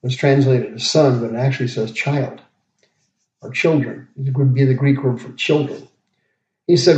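A man preaching a verse-by-verse sermon, slowly explaining each word as he goes. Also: medium pitch, steady tone, a little mellow. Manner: slow, deliberate, pauses to explain words. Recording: roomy, dull lo-fi podcast audio.

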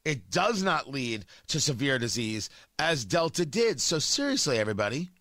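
A man's voice: medium pitch, big pitch swings, moderate pace. A middle-aged man hosting a talk radio show, giving a brash, emphatic monologue with joking asides into a studio microphone.

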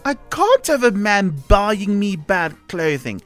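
Guy putting on a high bouncy granny voice, picky old widow. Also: very animated, slow, a bit bright, faint music behind, full character voice. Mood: prim, fussy. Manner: fussy, demanding, giggly. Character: prim 76-year-old widowed granny, picky about men. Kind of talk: radio show read-aloud.

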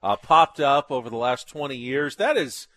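Man, casual chat, middle pitch, conversational asides. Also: expressive, normal speed, a bit bright. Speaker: podcast co-host.

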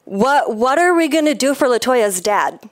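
A woman speaking at a city council podium, her voice sitting a little high. She tells her story with pointed, impassioned urgency, as though demanding an answer. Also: animated, normal speed. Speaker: public commenter. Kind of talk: public comment at city council.

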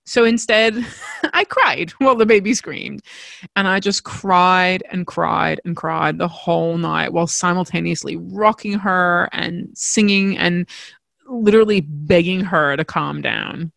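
A woman telling a personal story as a mother in a frank, expressive, self-mocking way, swearing casually. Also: fairly low pitch, a little slow, creaky, dry recording.

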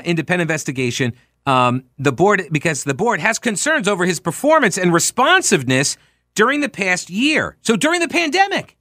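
A man's voice: a little high, bright, forceful tone, dry recording, studio quality. A man hosting an opinionated political commentary show, reading documents aloud and breaking off into sarcastic, incredulous asides. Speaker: talk show host.

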